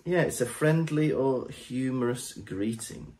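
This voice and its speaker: A man's voice: mid-range voice, a little slow, a little mellow. A man co-hosting a podcast in casual chat, making wry asides and laughing often. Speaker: podcast co-host.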